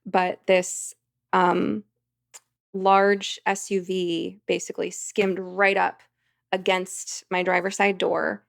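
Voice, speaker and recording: Woman with a gravelly voice. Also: fairly low pitch, little pitch movement, slow pace. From United States. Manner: vivid anecdotal telling. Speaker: podcast guest. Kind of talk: casual conversational storytelling.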